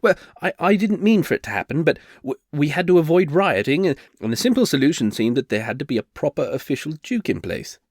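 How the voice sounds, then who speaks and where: A man's voice: fairly high pitch, very animated, brisk, hardly any pauses, dry recording, studio quality, voice pushed up. A man voicing a flustered male bard turned reluctant duke, who stammers and hesitates nervously.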